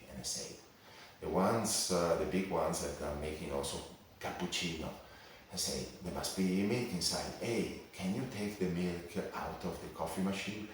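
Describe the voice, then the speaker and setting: A man's voice: sits low, a little mellow, slight background noise. A man with an Italian accent narrating a travel story in English, hesitant and full of fillers and restarts. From Sardinia, Italy. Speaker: cycling vlogger. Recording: echoey, distant mic.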